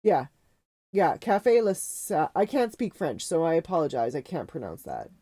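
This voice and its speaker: A woman's voice: low voice, big pitch swings, moderate pace, warm tone, no room sound. A Canadian woman co-hosting a casual game stream, chatty and self-mocking, swearing and laughing often. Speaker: livestream co-host. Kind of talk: casual gaming stream chat.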